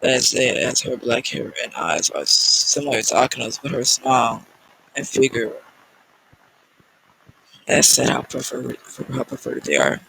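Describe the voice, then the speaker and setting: A man reading a fan-fiction story aloud in a casual, halting way, with fillers and restarts. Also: medium pitch, very animated, vocal fry, sharp tone, slight background noise, rough recording. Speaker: story reader.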